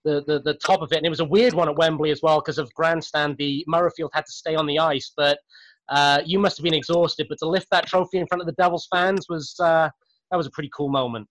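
A man's voice: a little high, fairly even intonation, fast talker, fairly bright tone, low-quality recording. A man hosting a casual podcast reunion, chatty and stumbling over his words as he asks questions. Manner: chatty, stumbling, laughs often. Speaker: podcast host.

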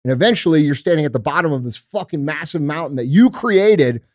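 A man's voice: fairly high pitch, expressive, a little fast, darkish tone, dry recording, studio quality. A male podcast host giving a blunt, profane motivational talk in a casual, emphatic way.

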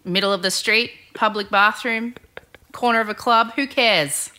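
A woman's voice: mid-range voice, steady tone, moderate pace, pushed and bright. A woman co-hosting a casual chat, joking bluntly and reacting with skepticism. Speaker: podcast co-host.

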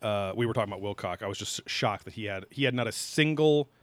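A man's voice: on the low side, fast talker, dry recording. A man co-hosting a podcast in casual chat, rambling with lots of fillers and offhand swearing. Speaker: podcast co-host.

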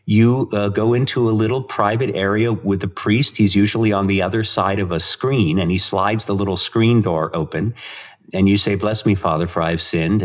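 A man telling stories and jokes in casual chat, halting and restarting often. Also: on the low side, breathy edge. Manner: halting, full of fillers and restarts.

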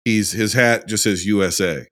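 A man's voice: lowish voice, normal speed, a bit bright. A man co-hosting a podcast, chatting casually about a film in a loose, swearing manner. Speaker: podcast co-host. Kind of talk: casual movie-review chat.

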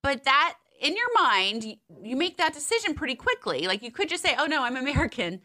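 A woman co-hosting a casual podcast, reading ads and chatting in an animated, laughing way. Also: high-pitched, brisk. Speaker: podcast co-host. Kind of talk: casual chat and read ads.

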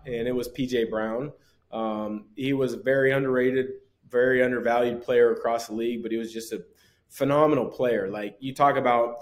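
A man in his forties, a former pro basketball player, telling lively anecdotes as a podcast guest and chuckling often. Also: mid-range voice. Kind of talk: casual storytelling.

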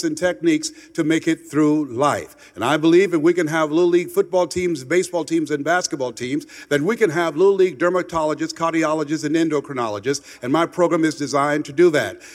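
A man from Miami giving an impassioned motivational speech, repeating words for emphasis and dropping to a hush for stories. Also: on the high side, big-room sound. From Miami, United States. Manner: emphatic, repeats words, swings from loud to hushed storytelling. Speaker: motivational speaker.

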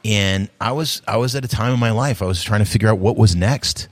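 A man's voice: fairly low pitch, brisk, dry recording. A middle-aged man, a restaurant executive, telling his career story in an interview, acting out old conversations and often restarting his sentences. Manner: animated storyteller, acts out quoted conversations; frequent repeated starts. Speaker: restaurant chief executive guest.

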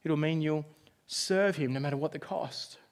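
A man preaching from the pulpit, his voice sitting a little higher than most. He tells his story dramatically, rising to loud outbursts and then dropping to near-whispers. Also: moderate pace. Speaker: pastor. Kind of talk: sermon.

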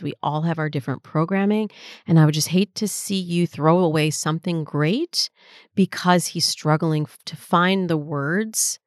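A woman's voice: sits low, dry recording, studio quality. A woman in her forties hosting an advice podcast, answering listener questions as a dating coach in a reflective, conversational way.

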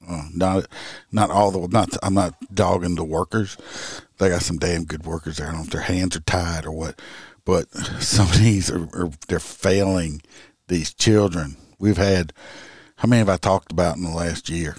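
A man's voice: deep voice, fairly even intonation, normal speed, darkish tone, no room sound, studio quality. A man, a police officer hosting a true crime podcast, talking bluntly and profanely in a loose, rambling way. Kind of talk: casual true crime commentary.

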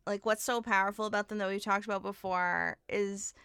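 A woman's voice: medium pitch, fairly even intonation, fairly quick, creaky, a bit bright, clean tone, no room sound, clean studio sound. A woman co-hosting a podcast in casual chat, talking with enthusiasm and laughing often. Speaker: podcast co-host; parent.

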